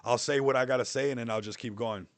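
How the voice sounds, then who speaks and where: A man's voice: mid-range voice, steady tone, fast, no echo. A young man hosting a livestream, talking in a loose, rambling way, mocking and laughing often. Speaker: livestream host. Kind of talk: casual livestream chat.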